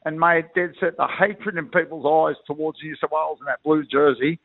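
A man's voice: a little high, steady tone, moderate pace. A middle-aged Australian man, a retired rugby league player, telling rambling blokey stories as a guest. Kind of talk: phone interview, storytelling. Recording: tinny phone line.

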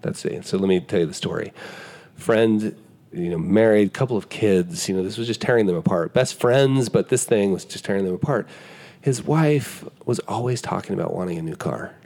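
A man as a podcast guest, explaining ideas in casual conversation and telling an animated story, acting out what people said, often restarting his sentences. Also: fairly low pitch, moderate pace, creaky.

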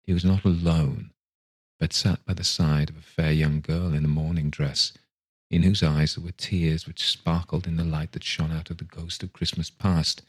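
A deep, silky-smooth male narrator reads a classic novel for an audiobook. His storytelling is measured and expressive.

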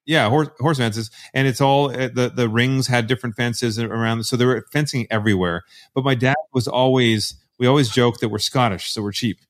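A man's voice: mid-range voice, fairly even intonation, normal speed, hardly any pauses. A man from Canada, a podcast guest telling rambling stories with frequent restarts. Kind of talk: casual interview storytelling.

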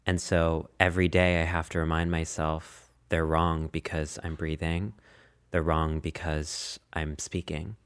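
A non-binary podcast guest with a very low voice. They speak with poetic cadence, measured at first and then building with conviction. The delivery is rhythmic and deliberate. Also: little pitch movement, smooth. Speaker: guest writer and performer. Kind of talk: interview answers.

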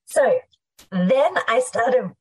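A middle-aged Australian woman, a guest entrepreneur, tells her story in a lively, fast conversational way, full of "like" and asides. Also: a little high, breathy edge. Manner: animated, fast, filler-heavy, uses "like" often.

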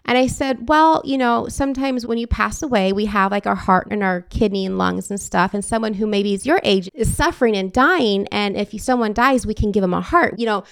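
A woman's voice: medium pitch, brisk, vocal fry, hardly any pauses, smooth, no room sound. A woman in her forties hosting a podcast, telling heartfelt stories in an earnest, emotional way. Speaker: podcast host. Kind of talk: casual podcast conversation.

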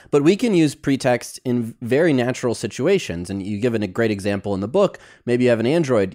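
A man's voice: on the low side, darkish tone. A man hosting a podcast interview, summing up the guest's points and leading into questions. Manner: summarizes and leads into questions. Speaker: podcast host. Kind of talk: casual interview.

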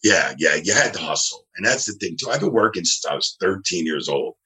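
The guest, a wrestling referee from New Jersey, shares rambling stories on a casual interview, speaking over a video call from home and doing voices for the people he quotes. His deep voice is sharp and sing-song, and he talks a little fast.

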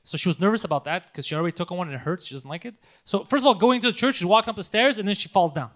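A man in casual chat, telling profane, animated stories and yelling when he quotes people. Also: high-pitched, rapid-fire. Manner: swearing, animated storyteller who yells when quoting.

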